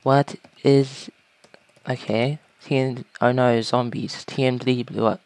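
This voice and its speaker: A woman casually commentating a video game, talking to creatures and breaking into panicked shouts. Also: very deep voice, steady tone, slow, no room sound. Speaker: gaming YouTuber.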